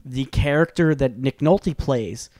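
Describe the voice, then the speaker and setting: A man co-hosting a podcast in casual chat, excitable, swearing often and restarting his sentences. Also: mid-range voice, unhurried, dry recording, studio quality. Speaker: podcast co-host.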